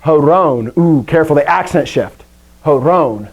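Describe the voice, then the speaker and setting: Young adult man, Greek teacher, upbeat and joking, slightly high voice, classroom drills. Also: lively intonation, normal speed, darkish tone, rough recording. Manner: upbeat, joking, self-deprecating, drills vocabulary aloud. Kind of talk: classroom lesson with call-and-response drills.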